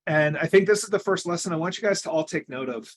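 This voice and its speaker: A young adult man giving a coaching talk, telling his own story in an earnest way that moves from loud emphasis to quiet asides. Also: a little high, animated, fast talker.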